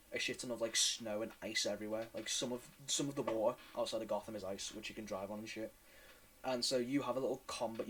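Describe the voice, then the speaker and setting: A man's voice: medium pitch, fairly bright tone, low-quality recording. A man hosting a casual podcast chat, rambling and swearing with many restarts. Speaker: podcast host.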